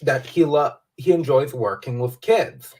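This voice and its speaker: A man co-hosting a livestream in casual fan discussion, talking in a measured, halting way with restarts. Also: medium pitch, a little mellow. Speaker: livestream co-host. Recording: distant from the mic.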